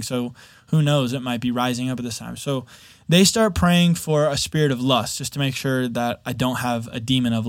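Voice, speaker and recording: A man's voice: medium pitch, dry recording, clean studio sound. A young man giving a personal faith testimony, speaking in an open, candid and earnest way. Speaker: video editor sharing a faith testimony.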